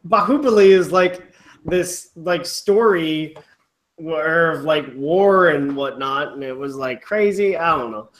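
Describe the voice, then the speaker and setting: A man's voice: fairly high pitch, slow, fairly bright tone. A man chatting on a sports podcast, joking loosely with lots of "like". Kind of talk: casual sports podcast chat.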